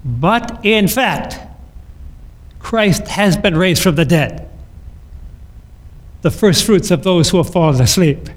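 A man preaching a sermon in a measured, liturgical cadence, ending in a blessing. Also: high voice, animated. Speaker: pastor.

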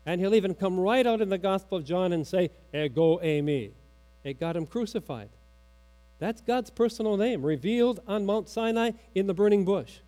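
A man's voice: high-pitched, expressive, normal speed, dark tone. A man preaching a sermon, asking questions and quoting from the catechism, his voice dropping for emphasis. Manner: teaching with questions, quoting catechism aloud, dramatic drops. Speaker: pastor.

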